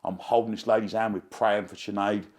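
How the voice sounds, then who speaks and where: A man telling a long, excitable anecdote as an interview guest, rambling and fond of slang. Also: fairly low pitch, fairly quick.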